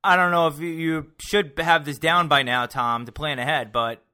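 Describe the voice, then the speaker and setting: A man's voice: a little high, steady tone, moderate pace, sharp tone. A man hosting a casual sports podcast, rambling and teasing his co-host while trying to keep the energy up.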